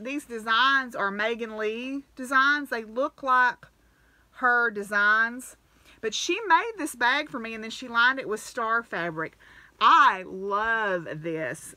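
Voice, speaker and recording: A woman's voice: a little high, pushed and bright, dry recording. A woman hosting a knitting podcast, chatting casually and gratefully, with frequent exclamations. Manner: gushing, grateful, chatty with laughs. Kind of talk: casual chat to camera.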